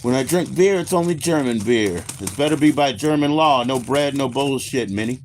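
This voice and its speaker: A man from the United States hosts a livestream, shooting the breeze with viewers in an easygoing, meandering style full of profanity. His pitch is medium and his pace moderate, with slight background noise audible.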